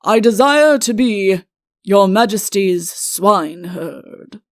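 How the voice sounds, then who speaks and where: A deposed king, plaintive and self-pitying, pleads in slow, earnest phrases, voiced by a woman. The storybook reading is dry and close, with no room sound. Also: medium pitch, lively intonation, no echo. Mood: earnest pleading. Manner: slow, earnest, imploring delivery. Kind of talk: audiobook character reading.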